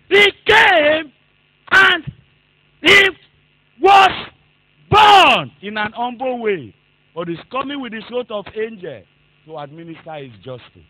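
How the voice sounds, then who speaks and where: High-voiced, bright preacher. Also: male voice, dry recording, low-quality recording. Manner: fervent preaching, swings from hushed asides to loud shouted exhortation. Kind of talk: sermon.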